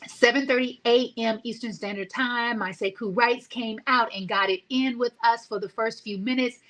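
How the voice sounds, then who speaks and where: A woman in her forties hosting a motivational talk show, speaking with excited energy and asking her listeners rhetorical questions. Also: fairly high pitch, normal speed, poor audio. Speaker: host.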